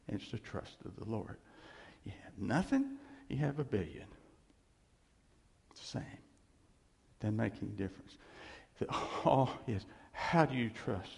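A man's voice: mid-range voice, vocal fry, a little mellow. A man preaching a conversational, emphatic sermon, acting out quoted voices. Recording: reverberant hall.

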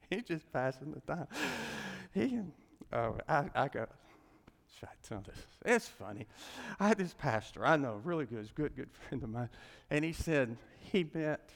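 A man's voice: on the high side, creaky. Chuckling, rambling man teaching in a hall. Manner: rambling, chuckling, folksy asides. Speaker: pastor teaching a class. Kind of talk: informal classroom teaching.

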